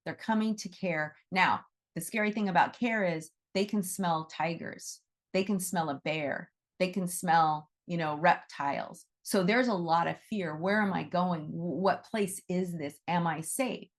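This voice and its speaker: A woman's voice: on the low side, normal speed, vocal fry. A middle-aged woman giving a casual teaching talk to a class on animal Reiki. She is conversational and often checks in with "right?".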